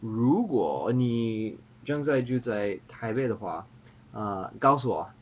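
A man's voice: mid-range voice, lively intonation, slow, highs cut off. A man chatting casually to his viewers in a playful, jokey, rambling way. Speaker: vlogger. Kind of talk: casual chat to camera.

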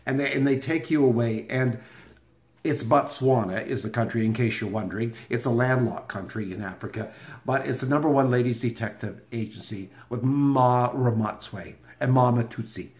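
A man's voice: medium pitch, normal speed, a little mellow, reverberant. A man chatting casually on his video blog about books he has read, playful and rambling, teasing and talking straight to his viewers. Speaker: book vlogger.

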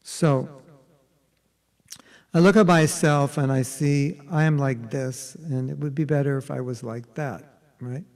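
A man's voice: mid-range voice, fairly even intonation, a little slow, pauses often, darkish tone, in a large hall. A man teaching a spiritual workshop in a conversational way, often checking in with his listeners. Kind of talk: interactive spiritual workshop talk.

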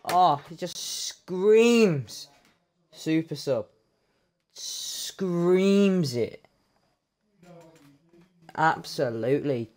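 A man, reacting live as he opens card packs in a game, swearing often and breaking into loud cheers. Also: fairly high pitch, takes it slowly, long pauses. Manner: excitable, heavy swearing, bursts into loud cheers. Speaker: gamer opening card packs.

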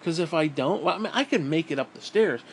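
A middle-aged man rants to his camera at home, frustrated and cursing freely. His voice sits somewhat high, and his talk rambles with restarts. A faint room hum runs underneath. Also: lively intonation, fast. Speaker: vlogger. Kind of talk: casual rant to camera.

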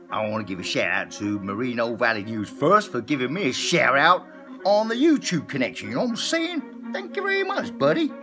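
A man doing a rambling, profane comic rant as a vlogger, repeating a drawling catchphrase. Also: on the low side. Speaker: comedy vlogger. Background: epic background music.

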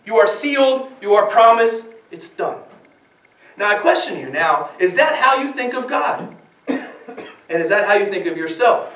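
A man with a very high voice preaches from the pulpit, stacking up rhetorical questions and repeating key phrases for weight. The sound comes from a distance in a roomy church, with a lot of echo around his words. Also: big pitch swings, a little slow, a bit bright. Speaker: pastor. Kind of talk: sermon. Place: church sanctuary.

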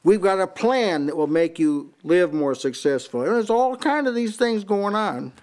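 Animated and at a moderate pace, an older preacher leads a Bible-study sermon for a small house-church group, his voice slightly high and a little mellow. He works through one scripture version after another, stumbling over repeated words.

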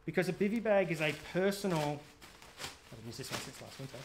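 A man's voice: a little high, animated, brisk, background noise. A man giving a chatty, jokey outdoor safety workshop, often quizzing his audience. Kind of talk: live gear workshop talk.

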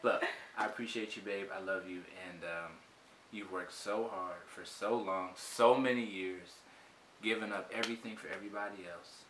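A man's voice: deep voice, fairly even intonation, moderate pace, a bit bright, a little hiss or hum. A man hosting a home vlog, talking to his wife while choking up and laughing through tears. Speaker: vlog host, husband. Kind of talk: casual emotional chat. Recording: echoey room.

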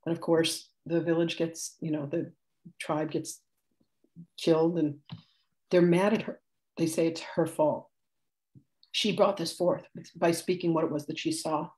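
Low, mellow-voiced woman telling stories. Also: fairly even intonation, measured pace, pauses often. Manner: chatty, rambling, laughs often, corrects herself. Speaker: spiritual teacher and healer. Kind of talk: live class demonstration, casual storytelling.

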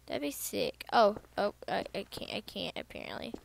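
A woman giving casual, rambling gameplay commentary, excitable and repeating herself as she figures things out. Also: medium pitch, normal speed, vocal fry, no echo. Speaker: gaming video creator. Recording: loud background noise over voice.

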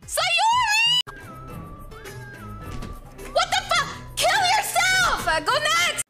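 A woman chatting casually while gaming, excitable and swearing, yelling at the game. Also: very high voice, very slow, over music. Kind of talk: casual gaming stream chat.

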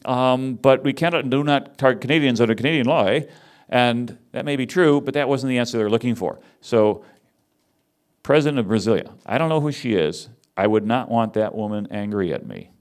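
A man giving a conference talk, wry and animated, teasing his audience as he speaks. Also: mid-range voice, brisk. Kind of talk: lively lecture with audience banter.

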